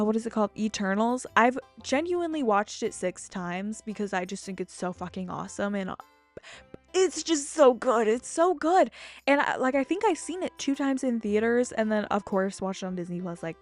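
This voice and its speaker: Woman in her twenties, casual gameplay commentary, rambling, excitable, swears a lot, desk mic, faint game music behind. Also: medium pitch. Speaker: gaming YouTuber.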